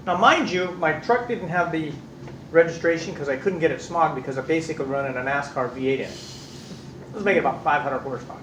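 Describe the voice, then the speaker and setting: A middle-aged man from California, an instructor who tells lively stories in class, acting out voices and swearing casually. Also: fairly high pitch, quick pace, background noise. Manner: animated storyteller, acts out voices, swears casually. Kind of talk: anecdotes in a class. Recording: echoey room, distant mic.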